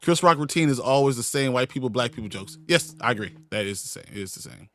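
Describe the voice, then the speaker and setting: A man's voice: medium pitch, expressive, quick pace, fairly bright tone. A man co-hosting a livestream in a loose, joking casual chat, reading viewer comments aloud. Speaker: livestream co-host.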